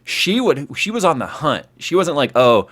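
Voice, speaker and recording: A man hosting a casual livestream chat, telling stories in an animated way and acting out the scenes. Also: fairly high pitch, moderate pace. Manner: animated storyteller who acts out scenes. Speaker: host.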